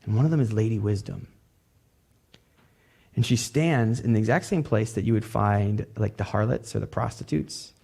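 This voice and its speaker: A man's voice: lowish voice, normal speed, creaky, dark tone. A man pastor preaching a sermon in a loose, conversational way, dropping casual fillers.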